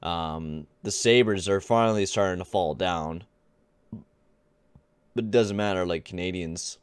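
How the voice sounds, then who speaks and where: A man's voice: low voice, measured pace, clear, resonant tone, no room sound. A young man giving casual gameplay commentary, rambling and exasperated, full of slang like "dude" and "bruh". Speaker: gaming channel host.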